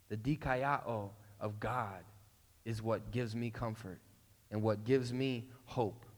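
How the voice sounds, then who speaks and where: Man, pastor, conversational sermon, emphatic bursts, mid pitch, reverberant hall. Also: a bit bright. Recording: long reverb in a large hall.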